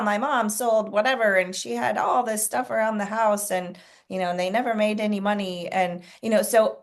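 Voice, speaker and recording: A woman hosting a sales training call, leading a group discussion with a steady stream of questions and explanations. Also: medium pitch.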